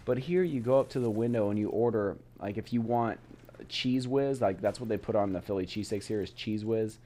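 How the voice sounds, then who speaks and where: This vlogger's warm voice is on the low side and a little fast. A young man from Portland, Oregon, on the US West Coast, he's chatting casually about his work trip in travel-vlog style, rambling and saying "like" and "you know" a lot.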